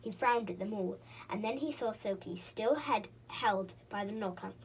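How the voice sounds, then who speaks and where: A woman reading a children's storybook aloud in an expressive way, with a few slips and restarts. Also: mid-range voice, normal speed, husky.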